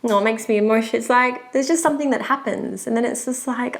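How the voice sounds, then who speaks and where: A woman's voice: a little high, fast talker. A young adult woman co-hosting a relationship podcast, talking openly and from the heart, often laughing. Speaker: podcast co-host, relationship coach. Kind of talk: casual podcast conversation.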